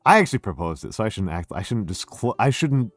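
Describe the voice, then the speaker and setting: Older american guy, kinda low voice, rambly and self-roasting, bit tipsy, faint music behind. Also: very animated, quick pace, no echo. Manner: rambling, self-deprecating, swearing. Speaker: streamer host. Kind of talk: casual drinking stream chat.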